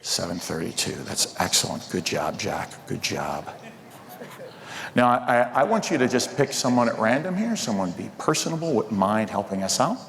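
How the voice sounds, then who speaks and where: A man's voice: on the low side, big pitch swings, moderate pace, vocal fry, fairly bright tone. A man performing live stand-up comedy with playful crowd work at a hotel event. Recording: reverberant hall with crowd noise.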